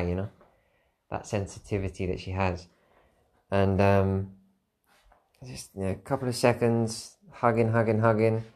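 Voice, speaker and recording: A man with a fairly low voice speaks alone as a podcast host, tired and unguarded. He rambles reflectively and circles back over the same phrases to press his point home. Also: darkish tone. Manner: candid, rambling, repeats phrases for emphasis. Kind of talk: reflective solo monologue.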